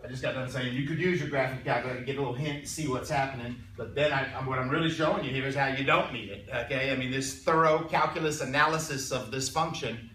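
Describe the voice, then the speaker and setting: Chatty math teacher in an echoey classroom. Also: male voice, mid-range voice, fairly even intonation, fast, hardly any pauses, bright, forceful tone, a little hiss or hum. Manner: chatty, repeats words, clears throat often. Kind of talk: classroom lecture. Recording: echoey room, mic far off.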